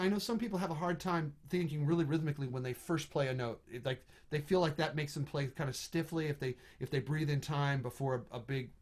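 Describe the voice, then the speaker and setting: A middle-aged man teaching trombone over a video call, talking casually, thinking aloud and singing rhythms on "da" syllables. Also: fairly high pitch. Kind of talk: online music lesson.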